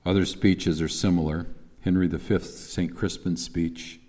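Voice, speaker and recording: A man's voice: deep voice, steady tone, measured pace, darkish tone, long reverb tail. A man preaching a sermon in a conversational way, at times reciting lines with emphasis. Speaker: pastor.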